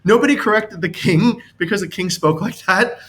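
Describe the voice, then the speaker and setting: A man's voice: high-pitched, moderate pace, fairly bright tone, a little hiss or hum. A man leading a team session, coaching on leadership in a rambling, anecdotal way and chuckling as he explains.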